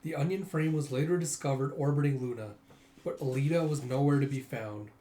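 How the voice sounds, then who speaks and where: A man casually retelling a comic book story, acting out the characters' lines in bursts of louder, higher voices. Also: a little fast. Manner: animated, jumps into loud high voices for characters. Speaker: manga reader and commentator. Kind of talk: casual comic read-through with acted-out dialogue.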